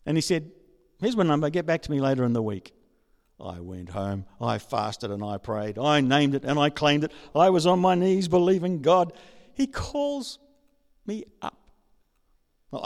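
A man preaching a sermon, telling a personal story and building up to excited shouting. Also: fairly high pitch. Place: large church hall. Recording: reverberant hall.

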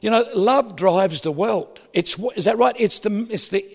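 A male pastor preaching a lively sermon, asking the congregation questions and swinging from loud to soft. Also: sits high, normal speed, creaky. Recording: reverberant hall.

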